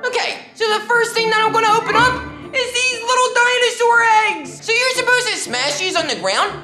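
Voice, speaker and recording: A woman voicing an excitable young schoolboy who reviews toys, shouting, giggling and yelling karate cries. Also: very high-pitched. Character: hyper young schoolboy toy reviewer with brothers. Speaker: toy reviewer. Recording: roomy echo with music behind.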